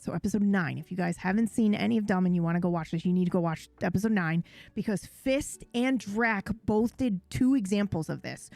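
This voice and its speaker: Woman co-host, casual chat, gushing, enthusiastic, dry close sound, mid pitch. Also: darkish tone, no echo. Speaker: podcast co-host.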